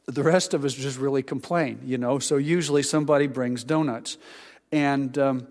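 A man preaching a sermon, telling the scripture story and acting out its voices, dropping to a hush for tender moments and building up for emphasis. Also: mid-range voice. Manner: drops to a quiet hush for intimate lines, rises for emphasis. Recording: long hall reverb.

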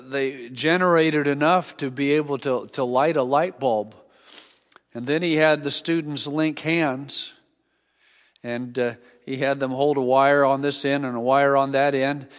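Male pastor, sermon into prayer; earnest, hushes for emphasis; medium pitch, reverberant sanctuary sound. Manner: earnest, drops to a hush at key lines. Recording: long reverb of a church hall.

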